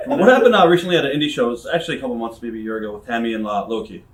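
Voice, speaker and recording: A man's voice: medium pitch, very fast, reverberant, slight background noise. A man interviewing a guest, asking brief, prompting questions in a casual shoot interview.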